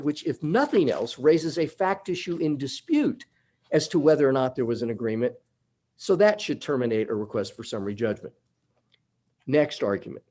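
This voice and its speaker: A man's voice: a little high, darkish tone. A man arguing a summary judgment motion before a judge in a courtroom, methodical and emphatic as he walks through legal points. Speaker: attorney.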